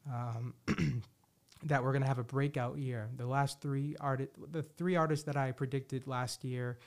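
A man's voice: mid-range voice, steady tone, a little slow. A man hosting a podcast in casual chat, rambling with many restarts and fillers, swearing freely and sounding enthusiastic. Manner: enthusiastic about music predictions. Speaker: podcast host. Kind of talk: casual solo talk.

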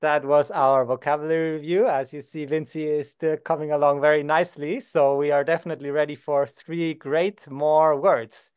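A young Swiss man teaching beginners basic German, calm and patient, slowing down to model each word. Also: a little high, clear, resonant tone. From Switzerland. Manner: patient, slows down to model words. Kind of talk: beginner language lesson.

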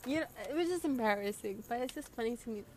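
A woman's voice: a little high, lively intonation, fast talker, slight background noise. A young woman telling a rambling, profane storytime, often quoting her friends. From Brooklyn, New York. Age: young adult. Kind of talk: casual storytime.

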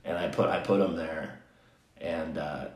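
A man's voice: extremely low pitch, fairly even intonation, unhurried. A man hosting a podcast, telling a long casual story that rambles with restarts and "he's like" asides. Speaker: podcast host. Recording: echoey room.

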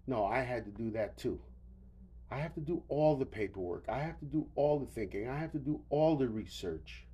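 A man's voice: mid-range voice, expressive, normal speed, dark tone, breathy edge. An older man hosting a solo podcast, rambling wearily with profanity and stammered restarts, tired and yawning. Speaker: podcast host.

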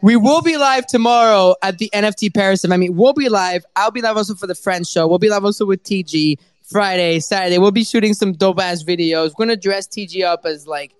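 A man's voice: high voice, fairly quick, few pauses, clear, resonant tone, dry recording. A man hosting a live show, talking in casual, hyped banter, swearing freely and repeating himself. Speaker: podcast host.

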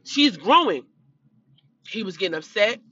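Chatty woman with a bright, sharp tone, gossipy recap style, a bit congested, dull lo-fi audio. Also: mid-range voice, sing-song, a little slow, dry recording. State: congested, clearing throat. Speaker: reality show recapper. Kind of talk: casual chat.

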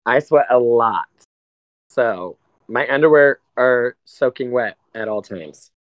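A man's voice: mid-range voice, expressive, takes it slowly, no echo, poor audio. Blunt crude man, dry close sound. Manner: blunt, crude, self-deprecating. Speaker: podcast co-host. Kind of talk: casual chat.

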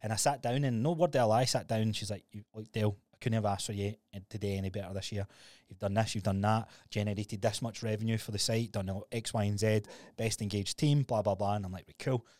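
A young podcast co-host swaps stories in casual, profanity-laced chat, acting out his retellings with energy. He has a lowish voice and talks fast with barely any pauses, recorded without echo.

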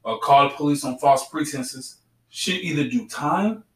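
A man's voice: medium pitch, unhurried, far from the mic. Blunt man, roomy and set back. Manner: blunt, preachy, repeats himself. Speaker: podcast co-host. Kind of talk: casual podcast chat.

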